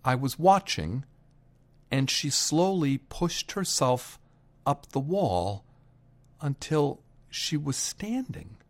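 A man telling a personal family story to listeners, unhurried, pausing for effect, and raising his voice for quoted shouts. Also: on the high side, sing-song. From Boston area.

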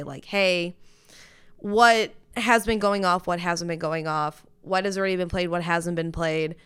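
A woman's voice: lowish voice, fairly bright tone, smooth. A woman on a podcast explaining how she DJs, chatty and full of "like"s. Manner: chatty, quick explanations with many "like"s. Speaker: podcast guest, DJ. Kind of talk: casual podcast chat.

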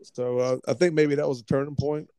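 A man co-hosting a casual wrestling chat, halting and repeating his words. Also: mid-range voice, level tone, dark tone, no echo.

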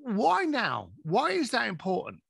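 A man's voice: very high-pitched, wildly swooping pitch, a little slow, vocal fry, a bit bright, breathy edge. A man, a business coach telling stories in a podcast conversation and acting out his clients' lines.

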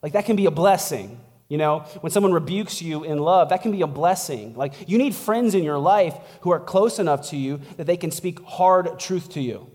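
A man's voice: on the high side, moderate pace, few pauses, darkish tone, long reverb tail. A man preaching as a pastor in a casual, conversational sermon, chatty and laughing, tossing in "like" and "right?" as he goes. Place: church.

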